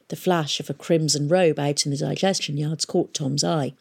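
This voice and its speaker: A woman reading a novel aloud in a steady, measured storytelling voice. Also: deep voice, vocal fry, slightly rough. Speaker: audiobook reader.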